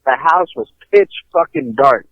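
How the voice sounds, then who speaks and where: A man in his thirties co-hosting a podcast, telling stories in a profane, animated way and acting out quotes. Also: mid-range voice, measured pace, no echo, muffled recording. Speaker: podcast co-host. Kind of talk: casual chat, storytelling.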